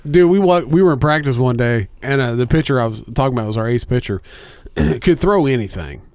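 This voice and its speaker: A man's voice: medium pitch, animated, a little fast, a little mellow, no echo. A man co-hosting a casual podcast, telling a rambling, profane story with lots of fillers. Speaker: podcast co-host.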